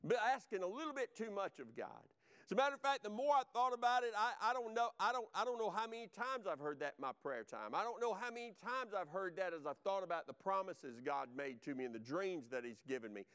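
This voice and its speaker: A man's voice: high-pitched, very animated, fast, a bit bright, clean tone. A male pastor preaching a sermon, fervent and exhorting, driving points home by repetition.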